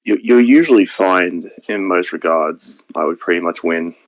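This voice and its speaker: A man with a lowish voice throws crude, blunt trash talk during a casual stream. The sound is dry and close. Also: normal speed, no echo, low-quality recording.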